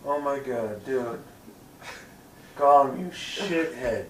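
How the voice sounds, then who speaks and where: A man reacting to a bad movie in casual chat, exasperated and animated. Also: mid-range voice, slow pace, roomy sound, recorded from a distance, slight background noise. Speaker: co-host.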